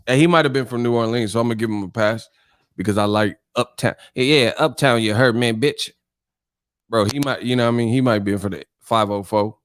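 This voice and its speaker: Profane animated man hosting a live stream. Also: on the low side, no echo, studio quality. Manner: animated, profane, teasing with chat. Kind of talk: casual live stream commentary.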